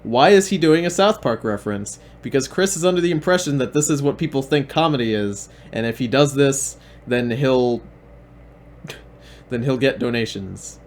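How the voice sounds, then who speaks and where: Mid-range in voice and moderate in pace, a streaming commentator pokes fun at the videos he plays. The mockery comes out deadpan, sarcastic, and repetitive.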